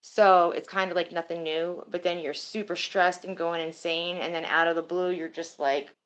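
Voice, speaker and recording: Rambling, lower-voiced woman streamer. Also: fairly even intonation, moderate pace, fairly bright tone, rough recording. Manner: rambling and chatty, swears casually. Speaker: streamer talking to her chat. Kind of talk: casual livestream chat.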